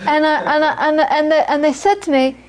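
A woman teaches as a Buddhist teacher, her voice bright and high. She tells anecdotes with animated quoted voices and drops to a soft, hushed tone for reflection. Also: a little fast. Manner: storytelling, animated when quoting, soft and hushed on inner peace. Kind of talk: dharma talk with anecdotes.

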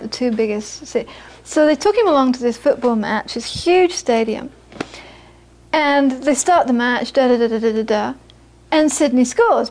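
A woman with a high-sitting voice gives a dharma talk on Buddhism to a live audience. She starts with lively anecdotes, then shifts into quiet, reflective teaching.

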